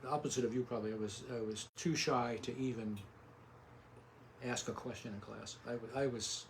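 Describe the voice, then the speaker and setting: An older man talks about his art in a small home studio, with a mid-range voice. He speaks quietly and tends to trail off and restart his thoughts. A faint hum of the room sits under him. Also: mid-range voice, steady tone, fairly quick. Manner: soft-spoken, trails off and restarts. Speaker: artist guest. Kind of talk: casual interview.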